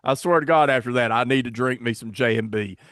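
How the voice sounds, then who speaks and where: A man's voice: medium pitch, fast, a bit bright, dry recording, clean studio sound. A man hosting a podcast in casual chat, rambling and self-deprecating as he fumbles along. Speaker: podcast host.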